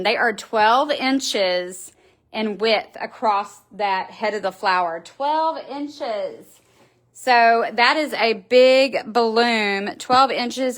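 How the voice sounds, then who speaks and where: A woman's voice: medium pitch, a bit bright. A middle-aged woman, hosting a casual live stream from her wreath shop, gushing and chatty as she answers viewers.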